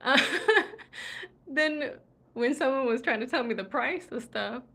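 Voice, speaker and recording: Her voice sits high and is a bit bright and husky, with vocal fry, and she takes it slowly. The American livestream host, worn out from travel, chats casually indoors in Morocco, laughing often over viewer comments.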